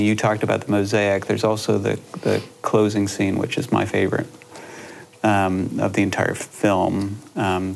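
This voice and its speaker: Gravelly low-voiced man, reflective. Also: a little hiss or hum. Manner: reflective, halting, many restarts. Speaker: filmmaker guest. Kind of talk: conversational interview.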